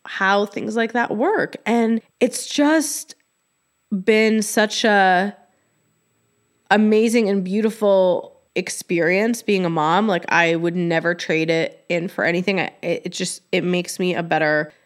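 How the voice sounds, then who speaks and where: A woman hosting her own podcast in a loose, conversational way, with "like" in almost every phrase. She sounds candid and expressive at a medium pitch, as if chatting with a friend. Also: takes it slowly. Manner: chatty, heavy use of "like". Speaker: podcast host. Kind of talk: casual chat.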